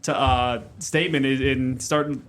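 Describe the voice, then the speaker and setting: Male podcast host from Rhode Island, medium pitch, short agreeable replies. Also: steady tone, measured pace, a bit bright, slight background noise. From Rhode Island, United States. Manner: brief, agreeable backchannels. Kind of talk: casual interview chat.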